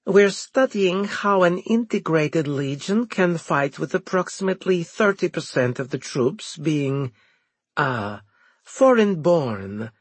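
Officious lady commander giving a formal briefing, pitched up, husky edge, as a man puts her on. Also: expressive, slow pace, dry recording, full character voice.

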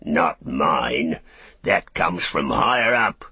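A man voicing a big, bullying male orc soldier who talks gruffly and threatens. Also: very deep voice, big pitch swings, slow, pushed and bright, no room sound, dull audio, exaggerated voice.

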